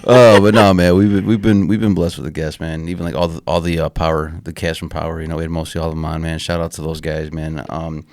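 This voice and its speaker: A man co-hosting a casual podcast, telling stories with excited high-pitched quotes and lots of swearing. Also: fast, few pauses. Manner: lively storytelling, quotes people in high excited voices; swears casually, says man and dude a lot. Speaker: podcast co-host and actor. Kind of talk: casual chat.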